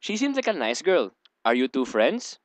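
A man's voice: fairly high pitch, wildly swooping pitch, moderate pace, no room sound. A young man hosting a let's play, reading a visual novel aloud and rambling between lines with giggly asides.

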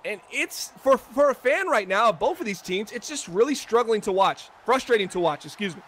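A man's voice: high voice, expressive, a little fast, fairly bright tone, a little hiss or hum. A man giving chatty, analytical color commentary on a video game football broadcast. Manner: analytical, chatty, self-deprecating.

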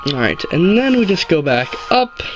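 A male let's play host talks through his game in a loose, rambling way, cracking small jokes and correcting himself mid-sentence. His voice sits a little higher than most men's, and quiet game music plays under him. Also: big pitch swings, normal speed, rough recording. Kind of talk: casual gameplay commentary.

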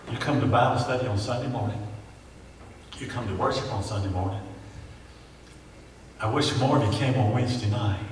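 A man's voice: medium pitch, slight background noise. A man preaching a sermon in a church, pressing his points with rhetorical questions and drawing call-and-response from the congregation. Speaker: pastor. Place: church sanctuary. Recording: echoey church hall, mic at a distance.

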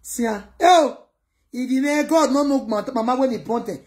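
A Nigerian woman chatting casually to her viewers on a livestream, in an animated way that mixes pidgin with another local language. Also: high voice, normal speed. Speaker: livestream host.

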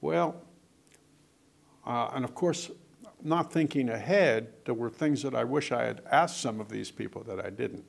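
With a gravelly, medium-pitched voice and a measured pace, an older man who writes books shares anecdotes in conversation. He fills his stories with quoted dialogue.

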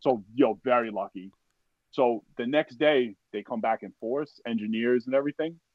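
A podcast guest who served in the army tells a war story in a mid-range voice at a moderate pace. His telling is casual, profane and animated, acting out what others said and leaning heavily on "like" and "you know," over dull, dry audio with no echo.

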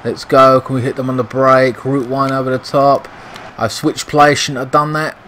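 A man's voice: medium pitch, flat delivery, normal speed, sharp tone, a little hiss or hum, rough recording. A young British man giving frustrated, swear-heavy commentary over a football video game. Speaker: gaming YouTuber. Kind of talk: gameplay commentary.

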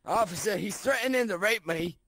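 A man playing a prisoner in a casual online game role-play, goofy, swinging from low mumbles to loud yelling. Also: a little fast, heavy background noise. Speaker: game player acting as prisoner.

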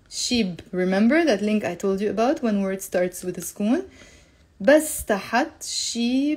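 A woman with a Lebanese accent teaching a casual live language lesson, chatty and laughing often, repeating phrases slowly for learners. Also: a little high, mellow.

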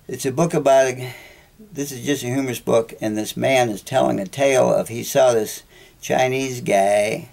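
A man's voice: mid-range voice, creaky, a little mellow. A man hosting his own podcast, talking in a chatty, jokey monologue that wanders and interrupts itself. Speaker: podcast host. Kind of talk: rambling solo monologue.

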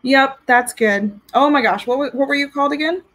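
Chatty, giggly woman reviewer, slightly high voice, casual live-stream banter. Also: a little fast, fairly bright tone, low-quality recording. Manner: chatty, giggly, reads out viewer comments. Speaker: fragrance reviewer. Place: home with dogs.

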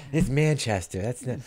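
A man's voice: mid-range voice, fairly bright tone. A man hosting a casual podcast chat, joking and laughing at his own lines. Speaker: podcast host.

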